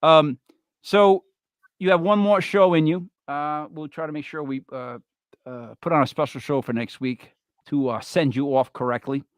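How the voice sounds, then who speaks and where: A man rambles and teases his co-hosts as he runs a live podcast, filling pauses with ums and uhs. His voice sits a little high and sounds dry and close. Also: steady tone, no room sound. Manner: rambling, teasing, lots of fillers. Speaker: podcast host. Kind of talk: casual banter on a live show.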